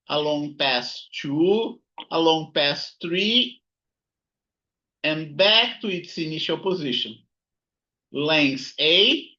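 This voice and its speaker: A man's voice: on the high side, sharp tone, highs cut off. A man teaching a physics lesson, working through notes, repeating key words and checking in with "right?" and "here you go". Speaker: physics instructor. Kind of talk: recorded lecture while writing notes.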